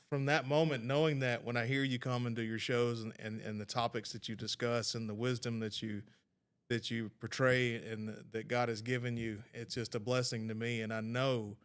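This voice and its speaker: A man's voice: medium pitch, flat delivery, moderate pace, fairly bright tone. A man, a podcast producer, talking earnestly in a casual studio conversation and telling a heartfelt story.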